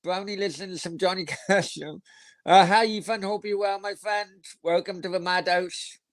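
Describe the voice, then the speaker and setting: A man's voice: high-pitched, fairly even intonation, moderate pace, dry recording. Guy rambling on a stream, swears a lot, answers chat, dry sound. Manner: crude, rambling, swears freely, reads viewer comments aloud. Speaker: football channel host. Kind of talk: casual live-stream chat.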